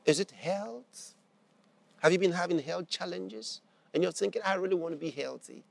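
A man's voice: sits high, moderate pace, vocal fry, no room sound. A man preaching a sermon, telling a story and acting out its characters' lines, repeating phrases for emphasis.

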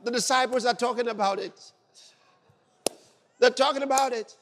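Brief: male preacher, exuberant, shouts exclamations, high voice, long hall reverb. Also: normal speed. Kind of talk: sermon.

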